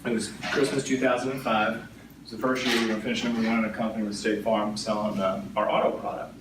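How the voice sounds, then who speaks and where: A man's voice: on the low side, little pitch movement, fast. A middle-aged man, a guest insurance agent telling stories to an audience in a conversational way, often asking "right?". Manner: conversational, frequently adds "right?" tag questions. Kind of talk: storytelling talk to an audience. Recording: echoey room, distant mic, background noise.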